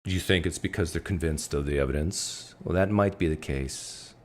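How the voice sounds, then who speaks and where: A man hosting a live stream, giving reaction commentary in a deliberate way and slowing down to stress his points. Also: a bass voice, a little hiss or hum. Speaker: host.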